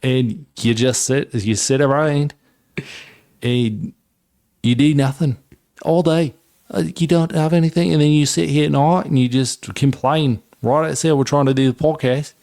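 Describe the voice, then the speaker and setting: A man doing a goofy character who gripes loudly in a mock Australian accent. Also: medium pitch, steady tone, a little slow, no echo, studio quality, pitched above the performer's own voice, lightly acted. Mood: griping. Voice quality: loud, raised and ranting.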